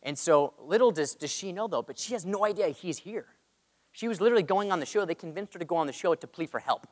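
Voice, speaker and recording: The long reverb of a big church hall surrounds a preacher with a high, expressive voice, speaking fast. He earnestly shares a personal story in his sermon and calls on the congregation for amens.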